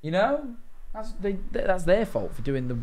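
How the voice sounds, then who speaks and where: A man's voice: high voice, big pitch swings, moderate pace, a little mellow. A young British man giving casual, wry commentary as he live-streams a game and thanks viewers, jokingly defensive at times.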